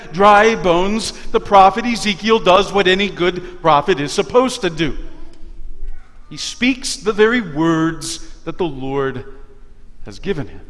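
A man preaching a sermon as pastor, emphatic, with rhetorical questions and dramatic pauses. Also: sits high, a bit bright. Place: church sanctuary. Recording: long church reverb.

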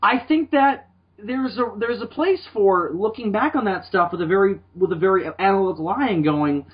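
A man co-hosting a podcast in casual chat, rambling and animated, restarting his sentences often. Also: high voice, moderate pace, husky. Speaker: podcast co-host. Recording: dull lo-fi sound.

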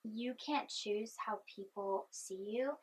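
Soft-spoken young woman, husky and chatty. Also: medium pitch, slow pace, rough recording. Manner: chatty, meandering, chewing gum. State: anxious. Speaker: vlogger. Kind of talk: rambling personal vlog.

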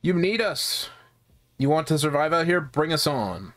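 Man voicing a cocky gang boss, gruff Shrek-ish put-on accent, higher and bouncy. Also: sing-song, a little slow, a bit bright. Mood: taunting. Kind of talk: reading game dialogue aloud.

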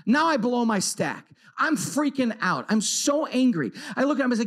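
Man, middle-aged, high voice, storytelling talk, loud then hushed. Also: normal speed, few pauses. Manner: animated, swings from loud outbursts to hushed tones. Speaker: conference speaker. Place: retreat conference talk.

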